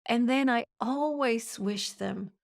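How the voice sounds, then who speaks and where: A woman's voice: on the high side, slow pace, gravelly. A woman hosting a podcast, talking in a reflective, meandering way in casual conversation. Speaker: podcast host.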